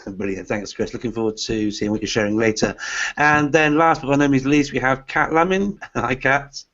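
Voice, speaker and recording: A man's voice: medium pitch, normal speed, fairly bright tone. A man hosting a live online webinar for teachers, introducing guests with many hesitant "uh" fillers. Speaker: host. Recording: lo-fi online call audio.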